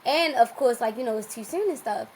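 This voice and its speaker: Animated woman telling a story, slightly high. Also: a little hiss or hum, poor audio. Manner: animated, laughs often, quick restarts. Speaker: podcast guest. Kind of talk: casual storytelling.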